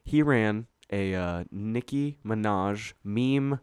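A man's voice: fairly low pitch, takes it slowly, darkish tone, clean tone, no echo, studio quality. A man co-hosting a podcast in casual chat, meandering and swearing freely. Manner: chatty, meandering, profane. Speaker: podcast co-host.

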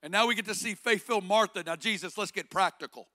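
High, bright-voiced impassioned male preacher. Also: fast talker. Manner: impassioned, with rhetorical questions and repeated phrases. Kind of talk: sermon.

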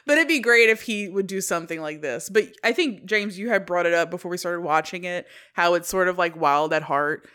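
A woman's voice: on the low side, brisk, hardly any pauses, a bit bright, smooth. A young adult woman co-hosting a podcast, gushing enthusiastically and swearing casually. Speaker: podcast co-host. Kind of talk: casual chat.

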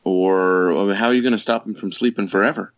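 A man's voice: low voice, steady tone, fast, dry recording. A man co-hosting a casual movie review chat, making dry, wry remarks. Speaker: podcast co-host.

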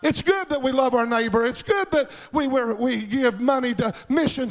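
A male pastor preaching a sermon in a sing-song cadence, swelling into shouts, in a church. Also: very high-pitched, normal speed, few pauses. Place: church sanctuary.

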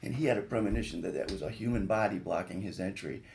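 A man with a gravelly, fry-touched voice recounts his own ordeal as a guest on a radio talk show. He speaks earnestly, building vivid pictures and lifting his pitch at the worst moments. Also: fast, a little mellow, a little hiss or hum. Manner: earnest, vivid retelling with rising intensity at peak moments. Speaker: guest, reconstructive surgeon. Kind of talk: personal story told on radio talk show.

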